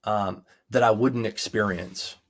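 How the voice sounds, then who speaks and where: A man with a lowish voice speaks as an interview guest. He recounts his story earnestly and reflectively, hesitating often with ums as he searches for words. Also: steady tone. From United States. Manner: halting, many ums, sincere and reflective. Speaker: guest recounting a near-death experience. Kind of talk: earnest personal testimony.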